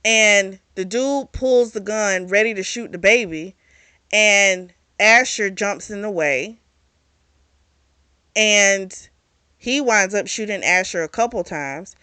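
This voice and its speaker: A woman hosting a book club, casually recapping a novel's plot, animated and swearing freely. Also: mid-range voice, slow pace, clean tone, no echo.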